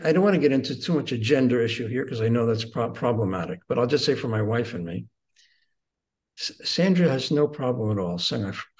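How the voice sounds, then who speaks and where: A man in his sixties, visiting as a guest teacher, talks at medium pitch while earnestly recounting personal tales. He alternates between animated and hushed delivery.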